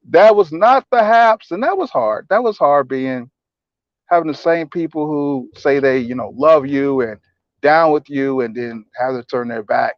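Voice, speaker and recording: A man speaking softly and haltingly as he shares personal memories in a reflective talk, emotional and tearful at times. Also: a little high, dry recording, lo-fi sound. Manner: soft-spoken, halting, emotional. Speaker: advocate sharing personal memories. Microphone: personal mic.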